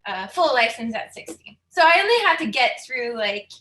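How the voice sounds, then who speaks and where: A woman's voice: a little high, sing-song, moderate pace, fairly bright tone, reverberant. A woman in her thirties from Saskatchewan, giving a candid, chatty personal talk as a guest speaker, laughing often and moved at times. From Saskatchewan, Canada.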